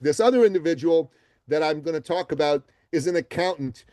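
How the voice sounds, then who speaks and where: A man from Iran, a podcast guest, telling success stories with animated, emphatic delivery. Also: on the high side, brisk, no echo. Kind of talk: energetic storytelling interview answers.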